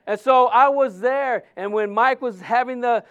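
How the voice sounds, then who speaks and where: A man's voice: very high voice, moderate pace, smooth, highs cut off. A male pastor of Mexican heritage preaching a sermon, telling personal stories and acting out the voices of the people in them. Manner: animated, acts out quoted voices in stories.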